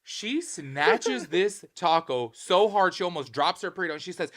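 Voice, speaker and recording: A man's voice: fairly high pitch, animated, normal speed, hardly any pauses, fairly bright tone. A man co-hosting a casual podcast, telling a story and acting out other people's lines in a raised voice. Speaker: podcast co-host.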